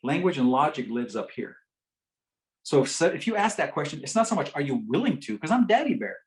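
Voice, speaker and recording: Animated man telling a teaching story. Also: fairly high pitch, fairly quick, poor audio. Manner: animated storyteller, lively swings between loud and hushed, acts out quotes softly. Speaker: speaker at a community health forum. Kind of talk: teaching talk with a patient story.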